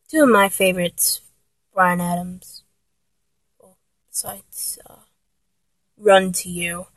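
Excitable rambling woman, slow and close. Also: on the low side, no echo. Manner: excitable, rambling, many ums and restarts, laughs often; sings snatches of songs badly. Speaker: music fan talking to viewers. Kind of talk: casual rambling chat.

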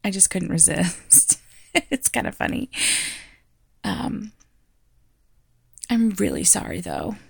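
A woman's voice: mid-range voice, huge pitch swings, takes it slowly, vocal fry, long pauses, husky, no room sound, clean studio sound, full character voice. A woman voicing a frank, playful female teacher in an audio role-play, teasing and laughing often. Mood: apologetic.

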